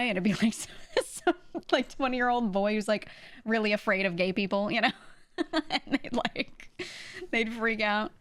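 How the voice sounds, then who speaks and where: A woman's voice: mid-range voice, normal speed, fairly bright tone. A young woman streaming, chatting casually with viewers, laughing often and acting out quoted voices.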